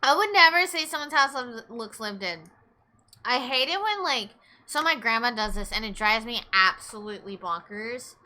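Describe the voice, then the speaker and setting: A woman's voice: fairly high pitch, lively intonation, moderate pace, bright, forceful tone. A woman streaming a story game, chatting casually with her viewers, swearing, laughing and gasping often. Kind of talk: casual live-stream commentary.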